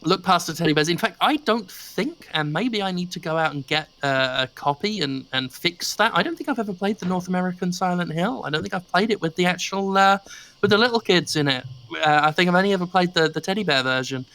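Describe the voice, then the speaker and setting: A man's voice: high voice, brisk, sharp tone. A young English man chatting casually as a stream guest, rambling and self-deprecating with many restarts. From England.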